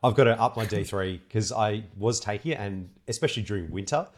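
A man's voice: fairly low pitch, fairly quick. A man co-hosting a podcast, chiming in with brief agreement. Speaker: podcast co-host. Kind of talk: casual podcast conversation.

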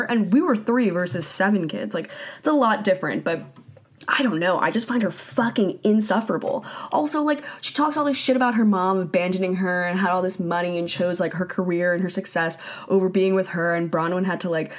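A woman's voice: medium pitch, animated, moderate pace. A young woman hosting a podcast, giving blunt, profane gossip commentary in a casual chat style and saying "like" a lot. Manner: blunt, profane, heavy use of "like". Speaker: podcast host.

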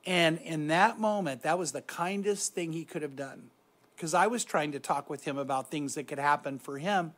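A middle-aged man giving a reflective devotional talk on meditation, soft-spoken and often trailing off quietly. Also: fairly high pitch, moderate pace. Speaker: Christian speaker guiding meditation.

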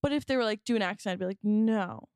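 A podcast co-host with a mid-range voice chats casually at a racing pace, rambling with plenty of fillers and restarts. Her tone is clean and the studio sound is clear with no echo.

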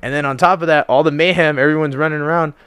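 A man's voice: a little high, fairly even intonation, fast, a bit bright, clean tone, no room sound, clean studio sound. A young man casually telling stories on a podcast, laid-back and full of swearing and fillers. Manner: profane, laid-back storytelling with lots of fillers. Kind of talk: casual chat.

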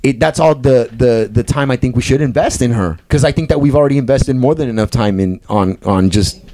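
A young man hosting a podcast, ranting loudly and rambling in casual, profane chat. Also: medium pitch, brisk, no room sound. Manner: loud, profane, rambling rants. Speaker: podcast host.

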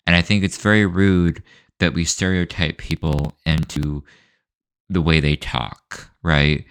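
A man's voice: extremely low pitch, little pitch movement, a little slow, fairly bright tone, clear, resonant tone, dry recording, studio quality. A man hosting his own show, talking alone in a loose, rambling way, full of fillers, restarts and hedging asides. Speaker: show host. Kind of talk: solo opinion rant.

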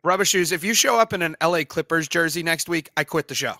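A woman's voice: sits low, quick pace, sharp tone, dry recording, clean studio sound. A woman co-hosting a casual sports podcast, playfully exasperated with bursts of outrage. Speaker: podcast co-host.

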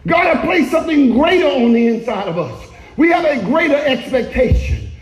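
High-voiced shouting preacher. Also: male voice, big pitch swings, normal speed, roomy sound, low-quality recording. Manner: call-and-response preaching, often shouting. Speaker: pastor. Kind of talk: sermon.

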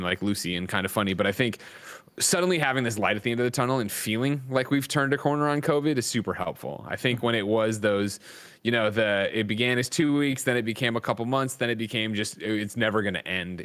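A man talking as a podcast guest, joking loudly at first and then chatting openly about how he is doing. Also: fairly low pitch. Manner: loud, animated, jokey rants. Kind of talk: casual podcast chat. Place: San Francisco, California.

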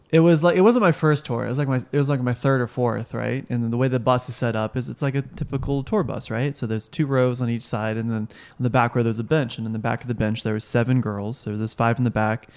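Animated young man telling stories. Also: medium pitch, clear, resonant tone. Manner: animated storyteller, acts out voices. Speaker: podcast co-host. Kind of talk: casual chat.

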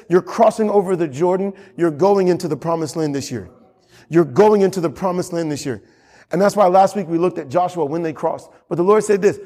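Male pastor, high voice, fervent sermon delivery with lots of repetition, reverberant church hall. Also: a little mellow. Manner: impassioned, repeats phrases for emphasis.

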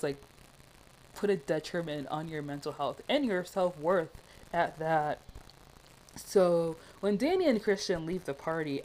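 A woman's voice: lowish voice, a little mellow, slight background noise, low-quality recording. A young woman talking through a film in casual, passionate commentary, rambling with many fillers.

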